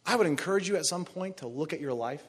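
A man preaching a sermon, animated, acting out voices of biblical figures. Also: a little high, fast talker, slightly rough, big-room sound. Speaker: pastor.

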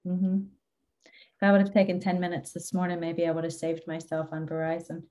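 A woman hosting a podcast, speaking in a low-key, supportive way. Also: monotone, a little fast, dark tone. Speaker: podcast host. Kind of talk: conversational podcast interview.

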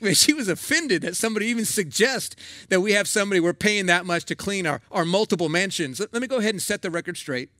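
A man's voice: high-pitched, expressive, fast talker, sharp tone, no echo, studio quality. A middle-aged male pastor, preaching a sermon in a conversational, folksy way with emphatic asides.

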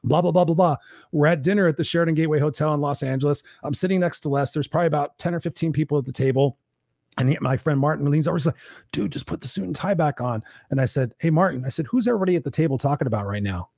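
A man speaking in casual chat, telling a story fast and emphatically, with words like "literally" repeated. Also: a little high, creaky, a little mellow, dry recording, studio quality.

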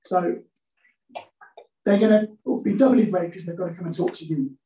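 A woman's voice: lowish voice, normal speed, mellow, dull audio. Woman preaching in an echoey church. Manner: humorous, acts out scenes in voices. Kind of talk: sermon. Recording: echoey church hall, mic from a distance.

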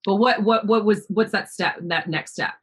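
A woman's voice: mid-range voice, normal speed, slightly rough. A woman host in a conversational interview, asking thoughtful, searching questions and filling them with "you know". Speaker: podcast host.

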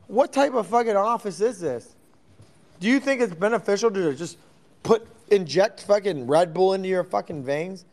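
A young man hosting a crypto talk stream, rambling and swearing in loud, jumpy, sarcastic banter from an office at night. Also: sits high, expressive, moderate pace. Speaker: crypto space host.

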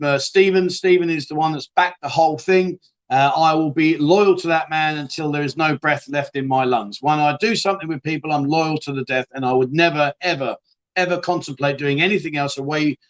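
A man's voice: on the high side, moderate pace, highs cut off. Blunt, chatty man hosting a live stream. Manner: blunt, chatty, swears freely, many restarts. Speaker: live-stream chat show host. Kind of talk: casual live-stream chat reading viewer comments.

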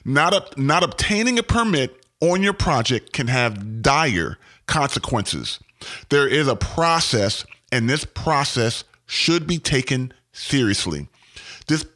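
A man's voice: on the high side, a bit bright. Upbeat man hosting a podcast. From Maryland, US. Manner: upbeat, emphatic, repeats words for effect. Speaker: podcast host. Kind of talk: podcast intro and interview.

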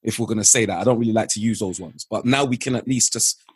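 A man's voice: fairly low pitch, quick pace, breathy edge, dry recording. A man speaking as an interview guest, earnest and reflective, repeating key phrases for emphasis. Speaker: guest, father. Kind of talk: candid conversational interview.

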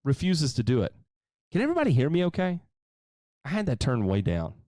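A man's voice: a little high, wildly swooping pitch, brisk, warm tone, dry recording, clean studio sound. A man hosting a lawn care livestream, casually reading and answering viewer comments with jokes. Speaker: lawn care show host.

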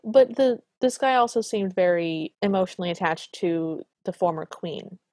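A woman with a fairly low voice recaps a movie with her co-host, playful and full of theories. The sound is dry and close to the mic. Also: animated, moderate pace, darkish tone, dry recording. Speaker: podcast co-host. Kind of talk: casual chat recapping a film.

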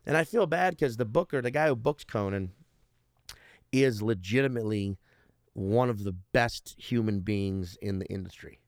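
A fairly low-voiced man in his thirties tells stories as a stand-up comedian guest, rambling and restarting his sentences and swearing freely. His voice sounds dry and close to the mic, with almost no room sound around it. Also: normal speed, no room sound. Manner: profane, rambling, restarts often. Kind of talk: casual podcast storytelling.

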